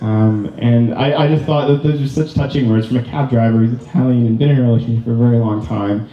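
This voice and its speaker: A man's voice: mid-range voice, moderate pace, mellow. Man from Canada rambling a wedding speech. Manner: rambling and earnest, many ums and restarts. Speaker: groom. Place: wedding reception room. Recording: distant, roomy, slightly dull hall recording.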